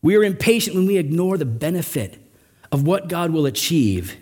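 A middle-aged man preaching a sermon as pastor, with animated, emphatic rising runs. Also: fairly high pitch, moderate pace. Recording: long hall reverb.

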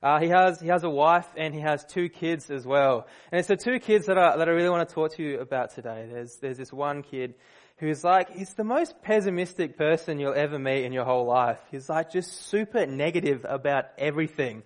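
A man preaching a sermon, telling a story in a relaxed, conversational way with fillers and restarts. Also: on the high side, brisk.

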